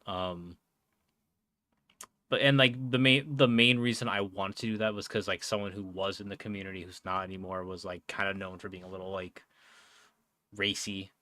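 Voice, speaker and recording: A young man talks loosely on a live stream, piling up fillers and curses and laughing often. His voice sits fairly low, and the sound is dry and close with no room around it. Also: fairly even intonation, moderate pace, bright, forceful tone, no room sound. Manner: rambling, filler-heavy, swearing, laughing often. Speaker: streamer and podcast host. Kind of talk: casual live-stream chat.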